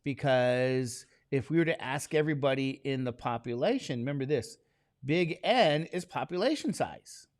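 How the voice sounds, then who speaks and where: A man's voice: mid-range voice, expressive, moderate pace, no room sound, clean studio sound. A man teaching statistics to a classroom, talking casually and constantly quizzing his students with questions. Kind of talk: classroom lecture.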